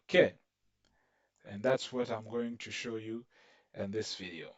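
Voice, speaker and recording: A man's voice: on the low side, measured pace, no echo, far from the mic, dull audio. A man teaching a screen-recorded coding lesson, explaining patiently and checking in with "okay" along the way. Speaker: coding tutorial instructor.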